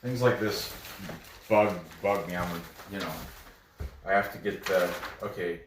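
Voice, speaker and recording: Man, slow unhurried talker, thinks out loud, trips over names, roomy sound, sits back from the mic. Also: low-pitched, recorded from a distance, background noise. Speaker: sports betting analyst. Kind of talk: casual unscripted breakdown.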